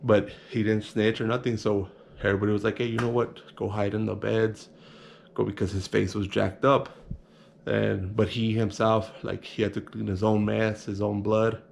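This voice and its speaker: A man's voice: on the low side, flat delivery, normal speed, vocal fry, a little hiss or hum. A young man telling a prison story casually, acting out punches sound effects and swearing freely.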